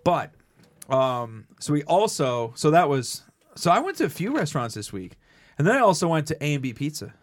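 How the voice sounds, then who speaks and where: A man co-hosting a podcast, telling animated stories in casual chat and swearing freely. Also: a little high, normal speed. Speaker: podcast co-host.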